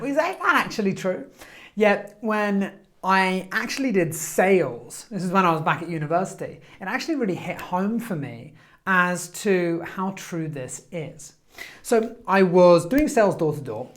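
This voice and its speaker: A man giving a motivational talk, telling stories in an animated, quick way and acting out what people said. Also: high voice. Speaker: motivational speaker.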